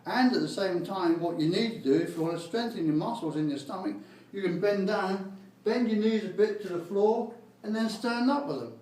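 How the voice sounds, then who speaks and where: A man's voice: sits high, moderate pace, a little mellow. Man, casual home-workout coach with rambling instructions, counts reps aloud, heard in a reverberant room. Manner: counts repetitions aloud while exercising. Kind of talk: informal exercise demonstration. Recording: echoey room, mic at a distance.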